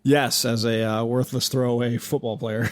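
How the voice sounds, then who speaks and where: A man's voice: mid-range voice, level tone, moderate pace. A man co-hosting a podcast in casual chat, making blunt, joking asides. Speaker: podcast co-host.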